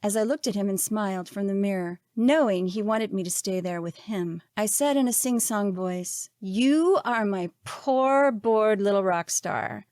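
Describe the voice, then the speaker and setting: A woman narrating her own memoir as an audiobook in a measured, expressive reading. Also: medium pitch, dry recording, studio quality.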